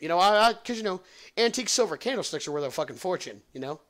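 This is casual storytelling from a young male podcast host who rambles through a lengthy story, cursing and chuckling at his own gags. His high voice is fast and fairly bright, with lively intonation.

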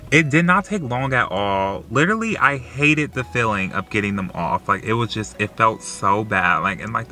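Young-sounding male vlogger, chatty and emotional, slightly low pitch with a bright tone, heavy on the fillers. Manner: filler-heavy, says "like" constantly; excitable and emotional. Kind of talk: casual vlog chat.

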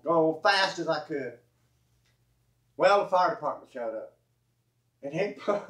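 A man's voice: fairly high pitch, fairly bright tone. Southern man, casual storyteller, self-correcting and chuckly; roomy, muffled recording. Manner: rambling, self-correcting, chuckling folksy delivery. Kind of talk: casual spoken anecdote. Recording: echoey room, dull lo-fi audio.

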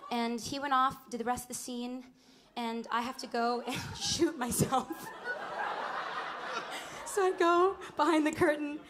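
A young woman with a bright, high voice tells an onstage story between songs in a small club. She laughs through it and acts out everyone's lines. Her live mic picks up plenty of background noise. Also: measured pace, pauses often. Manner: animated, laughing, acts out other people's lines. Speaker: singer telling a stage story between songs.

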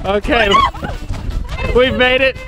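A man hosting a travel vlog, upbeat and quick to laugh, talking into a handheld camera. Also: very high-pitched, fairly even intonation. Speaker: vlog host.

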